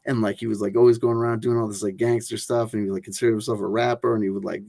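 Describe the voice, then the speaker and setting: A man with a gravelly, creaky voice talks in a loose, filler-heavy ramble, restarting his sentences as he goes. He sounds close to the mic in a dry room with no echo. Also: lowish voice, little pitch movement, very fast, mellow. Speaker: tarot channel host. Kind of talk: rambling casual monologue.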